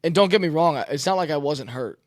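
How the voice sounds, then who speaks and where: A man's voice: on the high side, fairly quick, no room sound, clean studio sound. A young man who plays college quarterback, telling his story candidly and emotionally, swearing and saying "man". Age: young adult.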